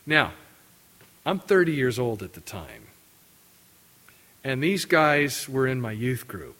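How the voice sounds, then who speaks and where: A middle-aged male pastor preaching a sermon, telling a personal story with lively acted-out quotes before reading scripture. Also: mid-range voice, slow pace. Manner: animated storytelling, acting out quotes.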